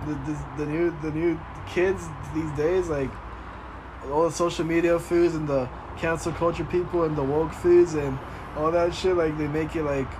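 A man's voice: on the high side, fairly even intonation, moderate pace. Young man chatting over noise. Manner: profane, laughing, reacting. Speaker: podcast co-host. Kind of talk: casual chat. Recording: noisy background.

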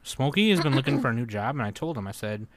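A man's voice: medium pitch, animated, fast, slight background noise. A young man hosting a podcast, telling stories in casual chat, swearing and laughing often. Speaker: podcast host.

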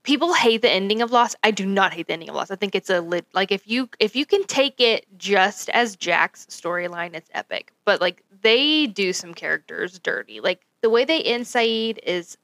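A woman co-hosting a podcast in casual chat, talking eagerly with quick asides. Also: mid-range voice, animated, a bit bright, dry recording. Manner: enthusiastic fan talk, quick asides. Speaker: podcast co-host.

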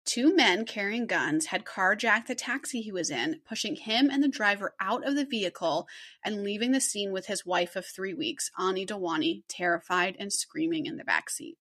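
A woman's voice: medium pitch, normal speed, a bit bright. A young woman co-hosting a podcast, chatting casually and reading a true crime case from her script with a giggle here and there. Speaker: podcast co-host presenting the case.

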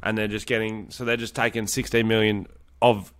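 A man's voice: lowish voice, little pitch movement, fairly quick, clean tone. A young Australian man co-hosting a podcast, joking around and swearing freely in casual banter. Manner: crude, sweary and jokey. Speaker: podcast co-host.

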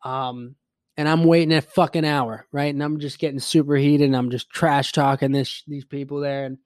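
A man's voice: a little high, flat delivery, moderate pace, no echo, clean studio sound. A man hosting his own show, rambling in a casual solo rant, swearing freely and mocking his own grumpiness. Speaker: podcast host.

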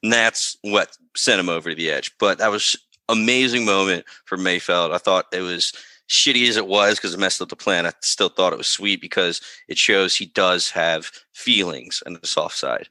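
A man's voice: sits low, moderate pace, no echo, rough recording. A man co-hosting a podcast, retelling a scene casually and acting out quoted lines. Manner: animated retelling with acted-out quotes. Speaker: podcast co-host. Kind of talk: casual chat.

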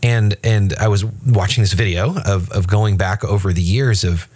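This faith podcast co-host has a slightly rough, lowish voice and a moderate pace. His talk is loose and animated, full of restarts and fillers, and he performs the voices of people he quotes.

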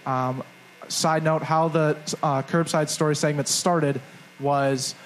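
A man's voice: a little high, fairly even intonation, slow pace, a little hiss or hum, rough recording. A young man co-hosting a live podcast show on stage, telling a rambling, self-mocking story and acting out the quotes. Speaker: podcast co-host. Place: live stage before a crowd.

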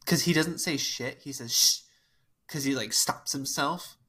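Low husky woman on a podcast, wry amused storytelling, lots of asides. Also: unhurried, a bit bright. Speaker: podcast co-host. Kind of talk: casual chat, telling a family story.

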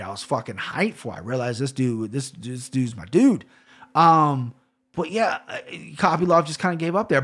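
Podcast host, male, mid-pitched, loose and profane, rambling fight talk. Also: a bit bright. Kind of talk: casual solo podcast chat.

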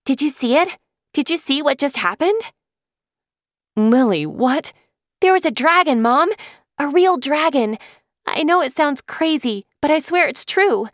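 A woman voicing a brave, frantic young girl who talks high and breathless in an audiobook. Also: takes it slowly, long pauses, a bit bright, dry recording, studio quality.

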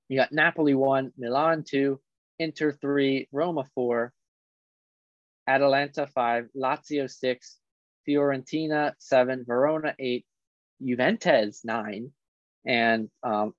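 A man's voice: medium pitch, no echo. A man co-hosting a laid-back sports chat, reading off league tables with plenty of ums and restarts. His voice sits in a middle register. The recording is dry and a bit dull and lo-fi. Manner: reads standings in a halting way with fillers. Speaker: sports podcast co-host.

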